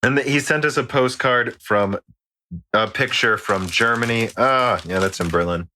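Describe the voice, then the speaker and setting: A tired American man hosts a podcast in loose, joking banter, swearing freely as he goes. His voice has a bright, forceful edge that cuts through. The talk stays giddy and offhand. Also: medium pitch, normal speed, a little hiss or hum. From United States. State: tired from a late recording. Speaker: podcast host. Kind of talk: casual chat. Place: home studio in quarantine.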